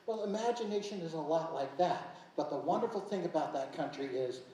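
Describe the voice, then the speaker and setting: A woman in a community stage play playing Kris Kringle, a gentle, kindly old man who coaxes a child patiently. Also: sits low, lively intonation, fairly quick. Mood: coaxing. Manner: patient, coaxing storyteller tone. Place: stage in an arts center. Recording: echoey hall picked up from far off.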